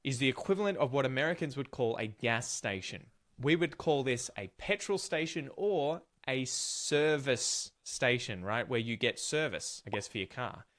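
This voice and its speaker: Australian male teacher, scripted video lesson, clear and explanatory, repeats words slowly. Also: medium pitch, animated, fairly bright tone. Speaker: English teacher.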